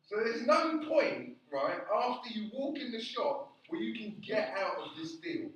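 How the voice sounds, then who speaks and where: A man giving a classroom lecture, animated, often checking in with the class by asking "yeah?". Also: high-pitched, moderate pace, few pauses. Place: lecture room. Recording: echoey classroom, distant, dull.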